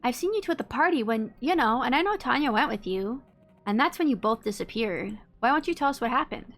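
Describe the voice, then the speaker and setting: A woman's voice: fairly high pitch, animated, fairly quick, fairly bright tone, faint music behind, voice pushed up. A woman voicing a young woman who pleads with her friends in a raised, urgent voice. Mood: pleading.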